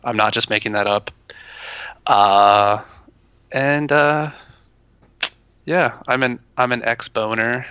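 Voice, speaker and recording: A man's voice: mid-range voice, takes it slowly, pauses often, sharp tone, smooth, no echo, muffled recording. A man guesting on a casual podcast, talking about himself with goofy, self-mocking humor.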